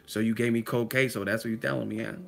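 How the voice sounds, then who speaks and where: A man's voice: fairly low pitch, little pitch movement, fast talker, creaky. A man putting on the voice of a famous actor who snaps at people in indignant, rhythmic rants. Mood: indignant yelling. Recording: music playing underneath.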